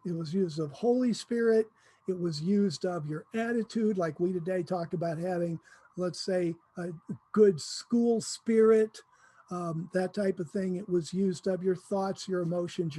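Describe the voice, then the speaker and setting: Mellow, husky-voiced Bible teacher. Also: medium pitch, no echo. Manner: informal, acts out quoted speakers with humor.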